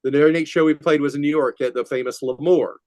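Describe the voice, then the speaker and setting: A man's voice: on the high side, quick pace, no room sound. An older man, a metal musician guest, telling rambling stories in a casual interview and laughing often. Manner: rambling, laughing, animated retelling.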